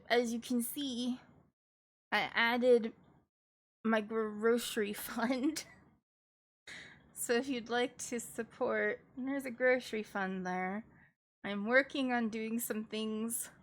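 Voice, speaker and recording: Woman VTuber, casual stream chat, slightly high voice, unhurried delivery, giggles often. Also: steady tone. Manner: chatty, giggly, slow and drawn out.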